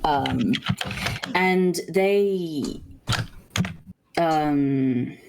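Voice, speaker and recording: Slow low-voiced Australian woman. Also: background noise. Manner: careful, halting, many restarts. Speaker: streamer. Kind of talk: casual chat on a live stream.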